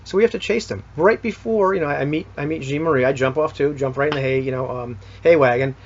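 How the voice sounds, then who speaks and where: A man with a husky, slightly breathy voice talks casually through a recap of a tabletop game session. He rambles and backtracks, full of fillers and restarts. The sound is dull and lo-fi. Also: fairly high pitch, fast. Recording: dull lo-fi recording.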